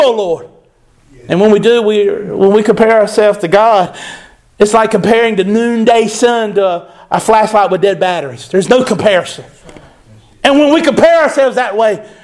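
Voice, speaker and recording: A man preaching a sermon, emphatic and repeating phrases for stress. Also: extremely high pitch.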